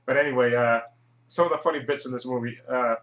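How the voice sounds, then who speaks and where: A man giving a casual, rambling movie review monologue, chuckling often and filling pauses with "uh". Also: mid-range voice, fairly even intonation, a bit bright. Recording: echoey room.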